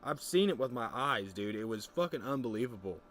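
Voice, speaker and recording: A young man casually chatting on a stream, telling a story in a rambling, profane way and breaking into lively voices when he quotes people. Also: medium pitch, brisk. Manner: rambling, profane, animated quoting.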